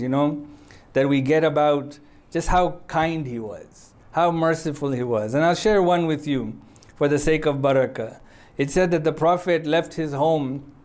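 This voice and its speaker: A man giving a sermon as a conversational story, often checking in with listeners and reciting Arabic lines quickly. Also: a little high, darkish tone. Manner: conversational, frequent checking "yeah?" with audience; quotes Arabic passages swiftly. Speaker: preacher.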